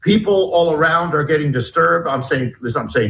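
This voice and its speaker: Halting, restless male storyteller. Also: a little high, animated, gravelly, fairly bright tone, low-quality recording. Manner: halting, restarts and repeats words often. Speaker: guest author. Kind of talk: storytelling in a conversational interview.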